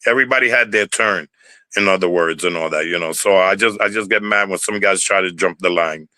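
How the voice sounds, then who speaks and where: A man's voice: low voice, a little fast, pushed and bright, no echo, poor audio. An older man with a New York Puerto Rican accent, telling stories in a rambling interview, repeating words and swearing freely. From Bronx, New York. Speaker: interview guest, former dancer. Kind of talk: casual storytelling interview.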